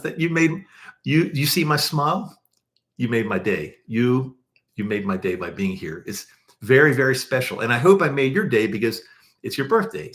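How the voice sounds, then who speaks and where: A man with a Baltimore accent hosting a casual livestream, talking in a rambling, chatty way with many restarts and fillers. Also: mid-range voice. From Baltimore, USA. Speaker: podcast host.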